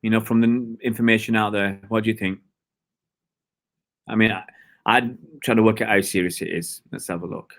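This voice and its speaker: A man's voice: lowish voice, steady tone, a little fast, long pauses. A man hosting a live stream, chatting in a rambling, hesitant way with lots of fillers and talking to his viewers. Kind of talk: casual live-stream commentary.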